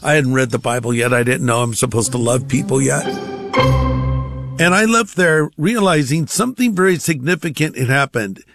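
A man's voice: medium pitch, lively intonation, normal speed, vocal fry, a bit bright, faint music behind. A man giving a conversational personal testimony, acting out the voices of the people in his stories.

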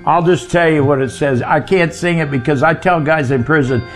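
A man's voice: fairly high pitch, fairly even intonation, moderate pace, soft background music. An older man telling his personal testimony in a folksy, plainspoken way.

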